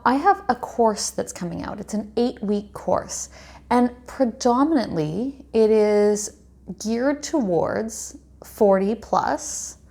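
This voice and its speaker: A woman's voice: mid-range voice, a little mellow. A woman working as a life coach, talking to her viewers without a script in a chatty, rambling way full of asides. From Canada. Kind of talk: unscripted talk to camera.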